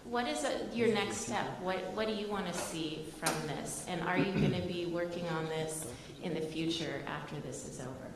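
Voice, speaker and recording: A woman's voice: fairly low pitch, moderate pace, hardly any pauses, noisy background. A woman in the audience asking a question at a talk, hesitant and full of fillers. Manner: hesitant, filler-heavy phrasing. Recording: echoey hall, voice from a distance.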